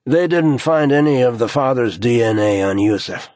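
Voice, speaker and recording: A man voicing a tired, heavyset male crime scene investigator who answers wearily and gruffly in an audiobook. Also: mid-range voice, animated, normal speed, a little mellow, no echo, pitched above the performer's own voice, natural voice. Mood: weary. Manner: weary, gruff replies.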